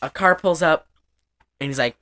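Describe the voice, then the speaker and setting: Low-pitched woman, casual co-host, profane and chatty. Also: moderate pace, a bit bright. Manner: chatty, profane, laughs often. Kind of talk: casual chat recapping a movie.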